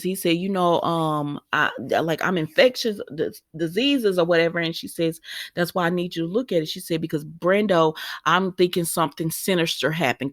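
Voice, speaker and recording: A woman's voice: lowish voice, fairly bright tone, no echo. Woman, casual and emotional recap host, close and dry recording. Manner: chatty and emotional, talks to viewers as "y'all". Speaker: soap opera recap host.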